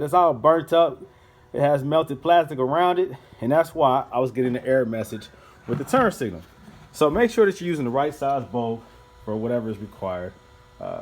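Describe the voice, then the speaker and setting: A man filming a car fix on his phone chatty and excitable. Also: medium pitch, fairly quick, slight background noise. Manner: chatty, addresses viewers directly, bursts into loud excitement. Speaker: DIY car repair vlogger. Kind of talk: casual how-to vlog. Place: working on a car, by its headlight. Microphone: handheld phone.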